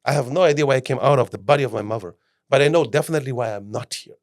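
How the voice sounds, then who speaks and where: A Greek man appears as a guest mentor on a podcast, giving a passionate motivational talk in English with non-native phrasing. His voice is mid-range and very fast, and he often acts out the voices of people he quotes.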